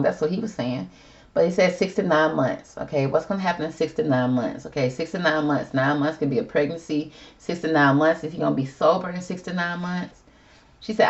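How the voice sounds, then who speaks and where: A woman's voice: deep voice, dull audio. A woman doing a casual tarot reading, chatty and sassy, calling viewers girl and y'all. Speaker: tarot reader.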